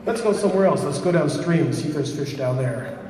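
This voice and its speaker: Cunning raven trickster, a man doing him, fast-talking and evasive, distant and roomy. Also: on the high side, animated, mellow, close to an everyday voice. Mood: sly. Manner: quick, evasive, persuasive. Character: sly male raven trickster in human form. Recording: echoey hall from far off.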